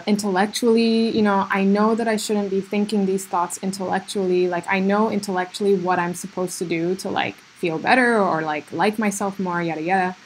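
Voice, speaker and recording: Breathy-voiced woman hosting a reflective podcast. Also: mid-range voice. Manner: heavy use of "like" and "you know" fillers, earnest, self-reflective. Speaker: podcast host. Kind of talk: solo reflective podcast monologue.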